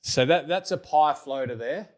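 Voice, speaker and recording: An Australian man hosts a relaxed podcast interview. He jokes and laughs often as he runs through quick-fire questions in a casual, chatty way. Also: a little high. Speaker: podcast host.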